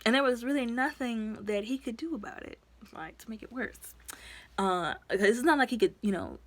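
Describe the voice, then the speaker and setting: Chatty woman rambling through a movie recap. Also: normal speed. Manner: rambling, chatty retelling full of fillers and asides; lively and expressive, with sudden jumps in pitch and loudness. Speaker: movie reviewer.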